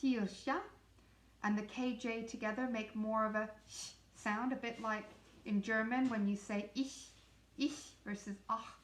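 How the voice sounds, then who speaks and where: A woman teaching the pronunciation of song lyrics, reading lines slowly and then explaining the sounds in quick asides. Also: medium pitch, a little hiss or hum. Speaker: singing pronunciation coach. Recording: echoey room.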